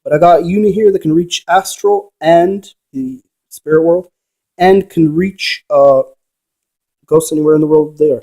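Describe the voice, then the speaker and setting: A paranormal investigator with a gravelly, dark-toned voice that runs a little high talks at a moderate pace. His monologue rambles and moralizes, built on rhetorical questions aimed at the viewer.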